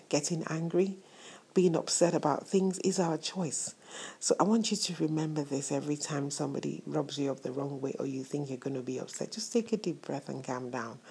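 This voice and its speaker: A woman's voice: deep voice, vocal fry, slightly rough. A woman hosting an inspirational faith-based talk, speaking to her listeners with affectionate words and preacher-like repetition for emphasis. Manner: warm, affectionate addresses to listeners. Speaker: host of a motivational show.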